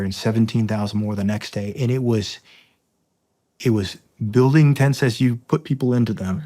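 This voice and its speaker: A man from the United States, a Marine officer, tells a long story in a podcast interview, halting often with restarts and fillers and acting out the dialogue. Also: mid-range voice, darkish tone.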